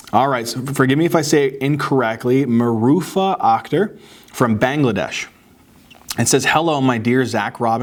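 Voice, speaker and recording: Male host, mid-range voice, reads fan letters aloud, casual and openly grateful. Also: mid-range voice. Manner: warm, grateful, gets choked up. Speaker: host reading fan mail. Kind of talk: casual chat to camera.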